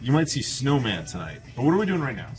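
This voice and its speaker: A man's voice: medium pitch, big pitch swings, quick pace, a little mellow. A man hosting a travel and food vlog, chatting casually with friends in a joking, self-mocking way. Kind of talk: casual chat.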